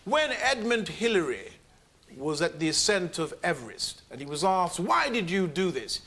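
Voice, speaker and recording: A man giving a mock-grand comic speech in a debate, with a deadpan delivery. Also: high voice, normal speed.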